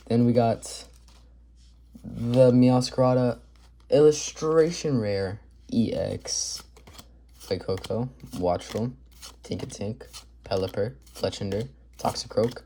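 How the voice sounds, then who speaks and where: A man's voice: fairly low pitch, dark tone, a little hiss or hum. A man hosting a casual card-opening video, upbeat and chatty, rattling off card names as he goes. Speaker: card collector video host. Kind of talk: casual pack-opening commentary.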